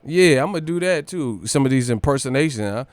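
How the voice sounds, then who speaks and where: A man's voice: mid-range voice, animated, brisk, dry recording. A man hosting a boxing livestream, talking in a brash, profane, boastful way with hype energy. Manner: breaks into brief celebrity impressions and laughs. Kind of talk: casual livestream rant.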